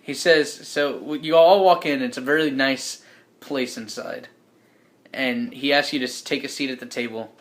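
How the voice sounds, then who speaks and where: A man narrating as game master in a casual, halting way, now and then trying clumsy accents for side characters. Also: mid-range voice, steady tone. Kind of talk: narrating a tabletop role-playing game.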